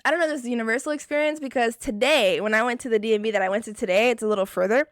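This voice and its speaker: Animated young woman telling a story. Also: on the high side, rapid-fire, no room sound, clean studio sound. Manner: animated, expressive and profane. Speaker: vlogger. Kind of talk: casual storytime chat.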